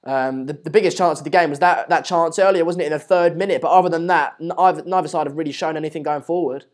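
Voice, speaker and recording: Male stream host, rambling and repetitive, slightly high voice. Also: quick pace. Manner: rambling, repeats words and phrases. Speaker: host of a live football watchalong stream. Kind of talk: casual live chat reading viewer comments.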